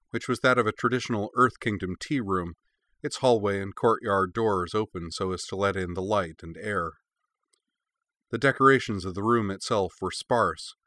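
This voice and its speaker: Casting: male storyteller, low voice, steady descriptive reading, dry close sound. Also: no room sound. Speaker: narrator. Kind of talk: read-aloud fan fiction narration.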